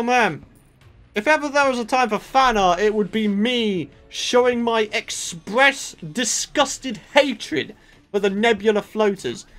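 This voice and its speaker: A man's voice: sits high, fairly bright tone. A man giving Let's Play commentary, exasperated and exclamatory, swinging from mutters to outbursts. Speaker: gaming YouTuber.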